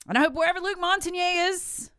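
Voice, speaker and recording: A woman's voice: extremely high pitch, fast talker, fairly bright tone, no echo, clean studio sound. A woman, hosting and delivering an angry, emphatic monologue full of rhetorical questions. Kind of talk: impassioned monologue.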